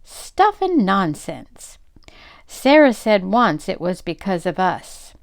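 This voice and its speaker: Eager storybook boy, earnest and excited, read by an older woman. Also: medium pitch, takes it slowly, gravelly, heavily acted.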